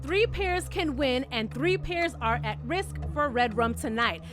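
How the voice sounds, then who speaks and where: A woman's voice: sits high, expressive, measured pace, fairly bright tone, faint music behind. A woman giving a casual, blunt and sassy recap of a reality TV episode, swearing freely, laughing at her own jokes and calling her viewers "child".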